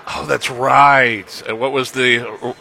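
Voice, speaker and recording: A man's voice: medium pitch, fairly even intonation, takes it slowly, vocal fry, pushed and bright, slight background noise. Laughing man co-hosting a radio show. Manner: laughs often, playful. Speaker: radio co-host. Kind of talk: casual morning radio banter.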